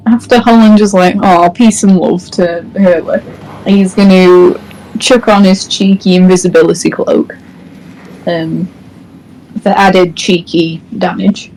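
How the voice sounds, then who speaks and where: A woman's voice: on the low side, steady tone, darkish tone, rough recording. A woman describing her character's moves in a tabletop game, laughing as she goes. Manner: unhurried, laughing, describing actions. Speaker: player. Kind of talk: tabletop role-play.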